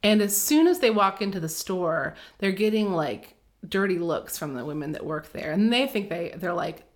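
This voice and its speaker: A woman co-hosting a podcast, recapping a book in casual chat, full of fillers and quick laughs. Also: fairly low pitch, animated. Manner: chatty, filler-heavy, laughs often. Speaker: podcast co-host.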